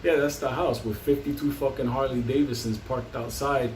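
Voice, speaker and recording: A man's voice: medium pitch, steady tone, normal speed, a little mellow, a little hiss or hum. A man telling a long comic story from his life, rambling and swearing constantly. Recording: roomy, distant mic.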